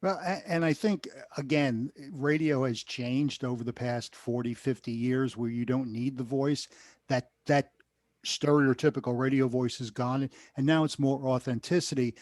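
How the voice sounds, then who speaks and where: A man's voice: medium pitch, fairly even intonation, moderate pace, darkish tone, no echo, studio quality. A man from Queens with a New York accent, a broadcaster speaking earnestly on a panel. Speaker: radio broadcaster and teacher. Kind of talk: panel discussion.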